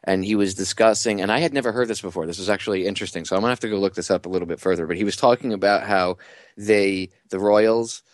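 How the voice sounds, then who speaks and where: A man's voice: fairly low pitch, quick pace, dry recording, clean studio sound. A man co-hosting a talk radio show, telling rambling, conspiratorial stories in casual banter. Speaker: radio co-host.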